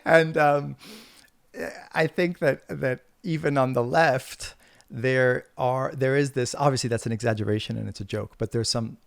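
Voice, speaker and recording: Podcast host, middle-aged man, mid pitch, rambling and animated storyteller, dry close sound. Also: normal speed, gravelly, no room sound. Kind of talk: casual conversation.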